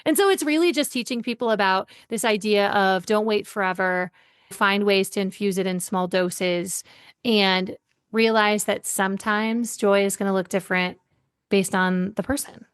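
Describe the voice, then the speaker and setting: A woman's voice: mid-range voice, normal speed, clean tone. A woman leadership coach, a guest on an interview podcast, telling workplace anecdotes and acting out the dialogue. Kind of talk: conversational interview.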